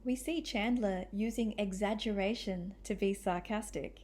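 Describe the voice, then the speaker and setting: A woman teaching an English lesson, speaking in a clear, deliberate way and demonstrating different tones of voice. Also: medium pitch, a little mellow. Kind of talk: scripted lesson narration.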